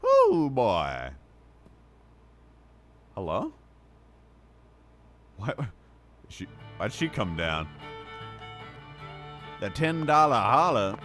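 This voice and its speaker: A man's voice: medium pitch, huge pitch swings, drawn-out words, pauses often, fairly bright tone, soft background music. A young man live-streaming a game, sleepy and yawning, rambling casually to his chat with many fillers.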